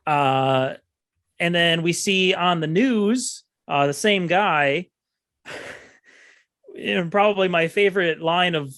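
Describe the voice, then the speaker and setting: A man with a voice a touch higher than most recaps a film for a podcast, slow and unhurried. He stops often with ums and uhs. The sound is close and dry, with no room around it. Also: a bit bright, no echo. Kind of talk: casual movie recap chat.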